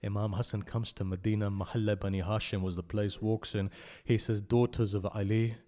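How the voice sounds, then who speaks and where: In a religious centre hall, at a gathering of mourners, a man recites passionately and a little fast, climbing to loud cries and easing back down. There is little pitch movement, and he keeps asking the listeners direct questions.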